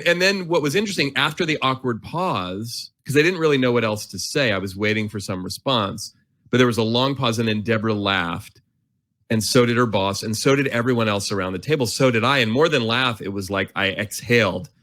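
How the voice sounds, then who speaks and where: A man in his forties, an author and guest, telling an animated, self-mocking story and acting out his inner voice. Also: mid-range voice, fairly quick. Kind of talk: storytelling in a conversation.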